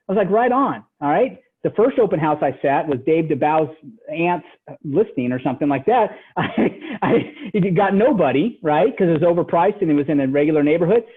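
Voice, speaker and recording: A man giving a motivational real estate training talk over a call, animated and tacking "right?" onto his points. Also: a little high, brisk, breathy edge. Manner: animated, repeats "right?" after each point. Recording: tinny phone-line audio.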